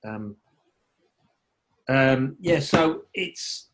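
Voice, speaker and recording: A man's voice: medium pitch, animated, drawn-out words. A male actor talking as a podcast guest in casual chat, rambling and enthusiastic, often restarting his sentences. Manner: rambling, enthusiastic, self-interrupting.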